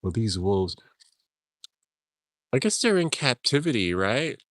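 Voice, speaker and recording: A man's voice: lowish voice, big pitch swings, slow, no echo. A man vlogging and telling a rambling story, chuckling as he goes and often trailing off and restarting. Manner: chuckles through his stories, trailing off and restarting.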